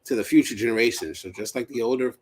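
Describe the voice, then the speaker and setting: A man's voice: mid-range voice, fast talker, a little mellow, slight background noise. A man hosting a live stream, chatting casually, laughing often and talking in a reassuring way.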